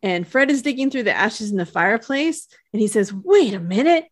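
A woman co-hosting a podcast, retelling a cartoon episode in an animated storytelling way and laughing easily. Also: a little high, fairly quick. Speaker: podcast co-host. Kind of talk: casual chat recapping a cartoon.

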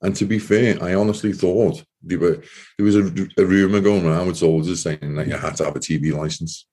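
A man's voice: low voice, steady tone, brisk, warm tone, husky. A man telling a personal story as an interview guest, rambling with frequent "you know" fillers. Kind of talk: casual storytelling.

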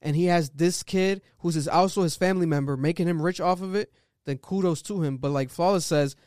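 Animated young man in casual podcast chat. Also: on the high side, brisk, no room sound, studio quality. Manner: loose, animated storytelling with many fillers. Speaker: podcast co-host.

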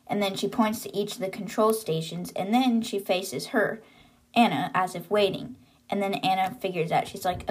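A woman hosting a book podcast, retelling chapters in a loose, conversational way. She laughs often and drops sarcastic asides. Her voice sits at an ordinary middle pitch. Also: fairly even intonation, moderate pace, husky. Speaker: podcast host. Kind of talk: casual book recap.

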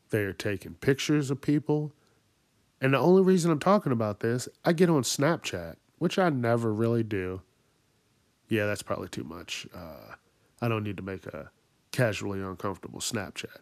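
A man's voice: mid-range voice, no echo. A man hosting a podcast, ranting angrily and swearing constantly, acting out other people in raised voices. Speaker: podcast host. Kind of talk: profane ranting monologue.

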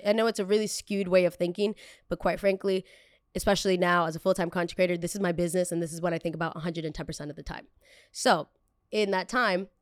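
A woman's voice: dry recording, clean studio sound. A young woman hosting a podcast, telling a story casually and acting out the argument in it with big jumps in her voice. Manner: animated, acts out quoted arguments with big pitch jumps. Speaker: podcast host.

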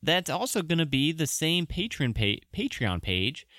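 A man's voice: fairly high pitch, very animated, moderate pace, a bit bright, no room sound, clean studio sound. A man hosting a podcast, rambling through announcements and apologizing as he goes. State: out of breath. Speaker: podcast host. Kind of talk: casual podcast outro.

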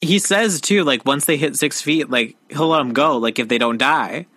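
Young guy bright sharp voice, casual podcast chat, animated recaps, dry jokes. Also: a little high, normal speed, dry recording. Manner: animated retelling, dry quips. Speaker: podcast co-host. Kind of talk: casual book-club chat.

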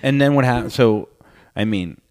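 A man's voice: mid-range voice, a little slow, a little mellow. Wry man hosting a podcast. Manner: teasing, wry follow-up questions. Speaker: podcast host. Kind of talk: casual interview chat.

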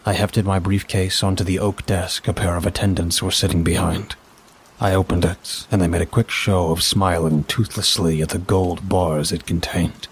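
A man narrating a first-person story in a measured, dry way. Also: low-pitched, fairly even intonation, breathy edge.

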